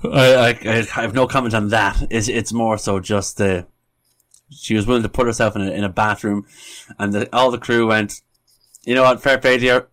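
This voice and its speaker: Speaking at a normal speed in a lowish voice, another male podcast co-host keeps the talk casual. He laughs frequently and his storytelling is animated and energetic.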